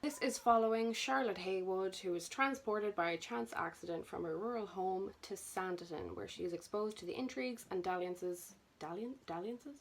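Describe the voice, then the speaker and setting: A woman's voice: mid-range voice, normal speed, vocal fry, hardly any pauses. A young woman chatting nervously and self-consciously through her book collection for a vlog. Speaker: booktuber. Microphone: camera mic.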